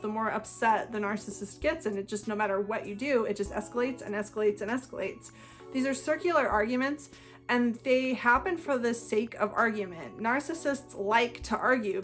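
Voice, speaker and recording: A woman's voice: fairly high pitch, a bit bright. Earnest woman explaining to camera. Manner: earnest, emphatic, repeats phrases. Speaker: video host.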